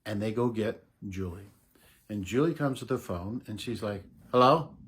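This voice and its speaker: A middle-aged man giving unhurried, casual advice to camera as a voice coach, explaining with soft laughs. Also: fairly low pitch, slightly rough.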